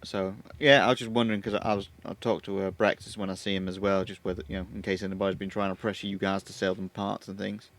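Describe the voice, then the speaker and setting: A fairly low-voiced man plays a lawman in a roleplay, talking quickly and casually as he asks around. His questions roll out loosely with small restarts. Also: level tone, fairly bright tone. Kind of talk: casual in-character roleplay chat.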